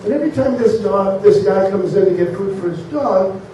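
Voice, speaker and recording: A male minister preaching a relaxed, storytelling sermon with frequent fillers. His voice is fairly high but mellow. It is picked up from a distance in an echoey church sanctuary, and the sound is dull and slightly lo-fi. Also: slight background noise. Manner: casual, joke-telling, halting with fillers.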